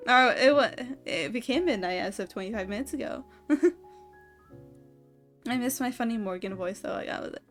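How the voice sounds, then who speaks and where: A woman streamer chats casually late at night, rambling and breaking into giggles. Her voice sits a bit high. Quiet music plays underneath. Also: normal speed, long pauses. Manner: giggly and rambling, laughing often.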